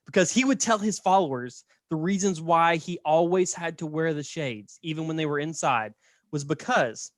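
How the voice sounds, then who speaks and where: A man's voice: fairly high pitch, moderate pace, dry recording, clean studio sound. A man casually telling a story on a podcast, chatty and laughing, often checking in with "right?". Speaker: podcast host.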